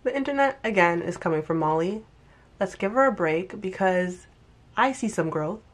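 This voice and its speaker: Chatty woman with a low voice. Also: normal speed. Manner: chatty, animated, acts out quotes in exaggerated voices. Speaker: TV recap vlogger. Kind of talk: casual commentary.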